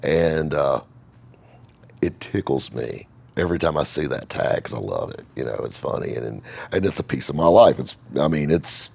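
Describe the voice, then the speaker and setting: A man's voice: very deep voice, lively intonation, normal speed, vocal fry, darkish tone, breathy edge. A middle-aged man telling a rambling, folksy, self-mocking story to camera as the host of his own show.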